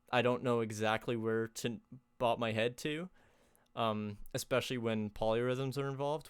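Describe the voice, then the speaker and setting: Relaxed young man teaching, smooth dry voice. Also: mid-range voice, dry recording. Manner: relaxed, many fillers and restarts. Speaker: music theory presenter. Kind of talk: casual lesson with slides.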